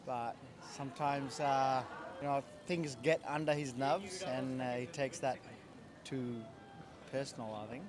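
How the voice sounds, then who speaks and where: Man, street interviewee, mid pitch, hesitant and noncommittal. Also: a little slow. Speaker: passer-by interviewed. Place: outdoors on a city street.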